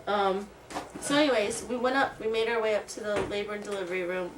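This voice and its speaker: A woman's voice: mid-range voice, quick pace, background noise. A woman vlogger telling a personal story in casual, rambling talk full of "like". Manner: rambling, heavy use of "like". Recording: roomy sound from a distant mic.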